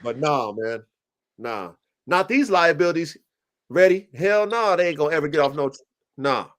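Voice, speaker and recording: A man's voice: on the high side, normal speed. A man hosting a casual livestream podcast, telling rambling, profane stories with lots of energy. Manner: profane, rambling, animated storytelling. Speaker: podcast host.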